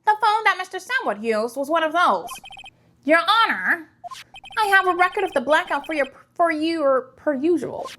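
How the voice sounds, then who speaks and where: A smug male prosecutor, voiced by a woman, formal and self-assured. The voice sits high and moves a lot in pitch. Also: animated, moderate pace, pushed and bright, slight background noise, full character voice.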